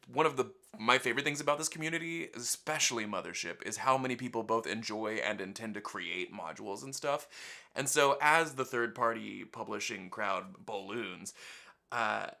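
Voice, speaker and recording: A man with a bright, forward voice hosts a casual interview. He is keen and upbeat, reacting warmly to his guest's answers. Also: medium pitch, animated, normal speed, vocal fry. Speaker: podcast host.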